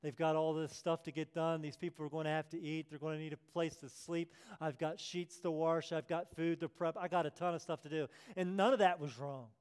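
Animated preaching man, somewhat high voice. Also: a little fast, hardly any pauses, clean tone. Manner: animated preaching, swinging from hushed prayer to loud emphasis; acts out quoted voices and prayers. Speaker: pastor. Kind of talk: sermon.

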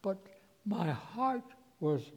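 A man preaching a sermon, telling a personal story, his voice swinging from hushed to loud. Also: high voice, sing-song, extremely slow, in a large hall.

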